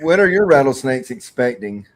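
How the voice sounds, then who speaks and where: A man's voice: medium pitch, big pitch swings, normal speed, low-quality recording. Joking man hosting a casual podcast. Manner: joking, swearing, reads chat aloud. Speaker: podcast host. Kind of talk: casual chat.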